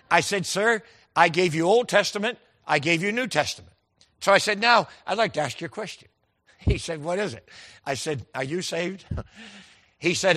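A man's voice: on the high side, fairly quick, a bit bright. A man preaching a sermon, telling folksy stories with quoted dialogue and stressing key words emphatically.

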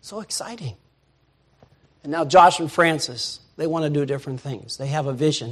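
An older man preaching a sermon as pastor, dropping to soft murmurs and rising to loud shouts. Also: on the high side, lively intonation, a little fast.

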